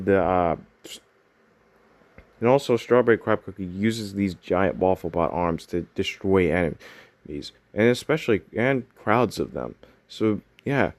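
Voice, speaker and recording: A man with a fairly low voice talks in a loose, casual commentary style. He rambles, stops short and corrects himself, and picks his thoughts back up as he goes. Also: darkish tone. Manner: rambling, frequent restarts and self-corrections. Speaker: video commentator.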